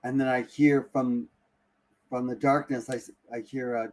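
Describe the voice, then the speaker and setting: A man in the middle of his own range, telling a story casually on a live talk stream. He keeps restarting his sentences and drops to a hush at the tense parts. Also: medium pitch, normal speed. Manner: animated, breathless retelling with many restarts. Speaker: guest.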